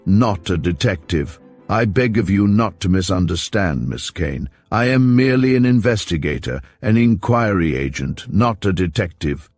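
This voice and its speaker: A man voicing a fussy, mild middle-aged investigator who speaks softly and pedantically, low in pitch, for an audiobook. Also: animated, normal speed, soft background music. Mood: prim.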